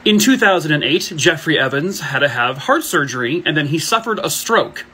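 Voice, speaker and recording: Blunt, talky true crime host. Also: male voice, a little high, animated, moderate pace, bright, forceful tone, slightly rough. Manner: blunt, conversational, swears freely. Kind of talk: casual true crime storytelling. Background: background music.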